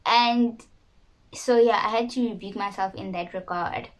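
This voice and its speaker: A woman's voice: medium pitch, measured pace, poor audio. A young woman from South Africa talking casually to her viewers in a candid, self-mocking vlog. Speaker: YouTuber. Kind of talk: casual talk to camera.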